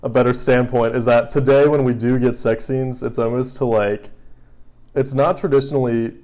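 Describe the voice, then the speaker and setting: Male co-host, warm dark tone, relaxed, joking delivery. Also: medium pitch, normal speed. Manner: laid-back, joking, filler-heavy. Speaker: podcast co-host. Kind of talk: casual movie chat.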